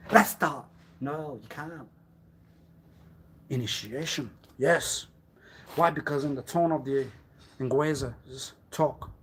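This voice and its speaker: A man on a livestream delivering a rambling, theatrical monologue, full of rhetorical questions and menacing threats, that swings from hushed mutters to loud outbursts. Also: on the high side, husky.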